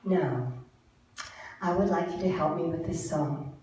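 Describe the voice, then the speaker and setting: A woman leading a church congregation through breathing and a song, speaking in gentle, encouraging, unhurried instructions. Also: low voice, background noise. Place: church sanctuary with live audience. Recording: very echoey room, mic far off, music behind.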